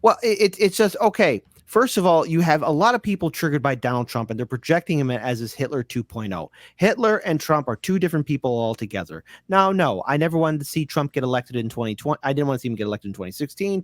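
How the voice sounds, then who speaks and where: A man's voice: medium pitch, no echo, clean studio sound. A comedian, a man, on a podcast delivering a heated, profane political rant that climbs to angry peaks. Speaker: comedian guest.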